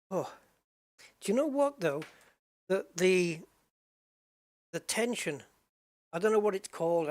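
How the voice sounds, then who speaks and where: A man's voice: sits high, sing-song, slow pace, long pauses. A man giving live commentary while driving a racing sim, exclaiming often as he wrestles a heavy wheel. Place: home sim rig. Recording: loud racing game engine noise behind.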